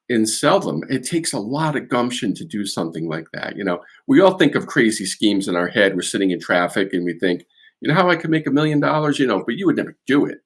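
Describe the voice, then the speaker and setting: A man with a Boston accent, a guest expert, explaining a case in a measured way with fillers and restarts. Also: lowish voice, breathy edge. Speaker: security and art crime expert guest. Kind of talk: conversational expert analysis.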